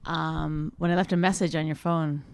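A woman co-hosting a comedy podcast, bickering and laughing with quick comebacks in a low voice she says can sound like a man's. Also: level tone, gravelly, a little mellow, clean tone, no room sound, clean studio sound. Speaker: podcast co-host. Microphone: studio microphone.

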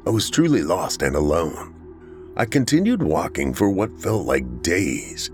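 A man narrating a first-person horror story in a dramatic way, acting out the frightened lines. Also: sits low.

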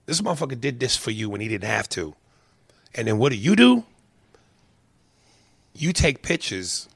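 A man telling a story as a heated, profane rant, swinging between loud outbursts and low muttered asides. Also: breathy edge, no echo, studio quality.

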